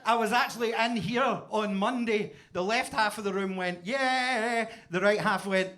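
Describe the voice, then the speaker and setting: Scottish comedian guy on stage, high voice, self-mocking, tells it punchy. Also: unhurried, a bit bright. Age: 40s. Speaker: stand-up comedian. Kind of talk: stand-up set. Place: basement comedy club stage.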